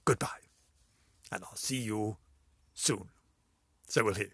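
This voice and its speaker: A man's voice: fairly low pitch, takes it slowly, background noise. A man hosting his own video series, rambling through a comic sign-off, giggling and repeating himself.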